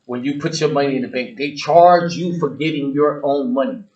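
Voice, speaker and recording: A show host with a slightly high male voice holds the floor alone. He talks bluntly and emphatically, circling back to repeat his points. He addresses his listeners directly in a preachy rant. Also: moderate pace, a little mellow, dull audio. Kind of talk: ranting monologue to the audience.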